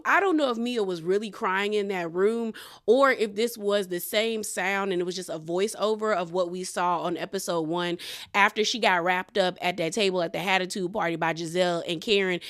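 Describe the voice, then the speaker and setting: A woman's voice: on the low side, a bit bright. A woman recapping a reality TV episode in a sassy, slangy way, with mocking asides. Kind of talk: casual reality show recap.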